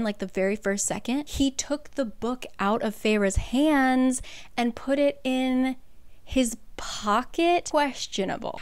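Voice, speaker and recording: A young woman casually recapping a novel's plot, chatty and sarcastic, slipping into hushed dramatic quotes. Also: on the high side, clean tone, no room sound. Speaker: book recap creator.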